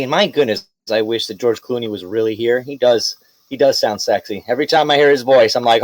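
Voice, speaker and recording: A man's voice: mid-range voice, moderate pace, no room sound, low-quality recording. A man running a tabletop game as game master, chatting and recapping with laughs and loose asides.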